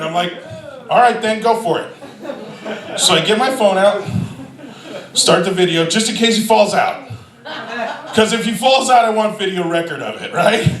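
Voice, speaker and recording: A man doing a stand-up comedy set, telling a profane story with shouted quotes, animated and loud. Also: high voice, reverberant, distant mic, poor audio.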